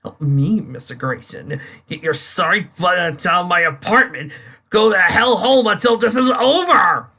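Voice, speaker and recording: A man's voice: medium pitch, slow, darkish tone, slightly rough. A comic reader voicing an angry middle-aged boss who roars orders at his employee. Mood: furious. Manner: roaring, bossy.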